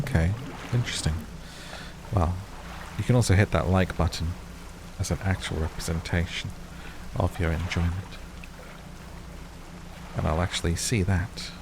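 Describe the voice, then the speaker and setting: Gravelly man chatting over game. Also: low voice, normal speed, pauses often, background noise. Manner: chatty, talks to viewers, startled outbursts. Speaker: gaming channel host. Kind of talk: casual game commentary. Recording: game sounds loud behind voice.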